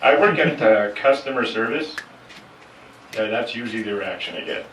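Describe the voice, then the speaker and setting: A man's voice: on the low side, animated, moderate pace, a bit bright, a little hiss or hum. A middle-aged man, doing a blunt, swearing stand-up set that slips between English and French. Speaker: stand-up comedian. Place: comedy club stage. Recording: echoey club room, mic heard from a distance.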